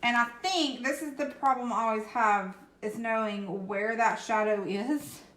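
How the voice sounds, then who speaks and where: A woman's voice: a little high, fairly bright tone. Chatty woman in echoey room. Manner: chatty, reassuring, tags with "okay?". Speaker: craft channel host. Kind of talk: casual painting tutorial.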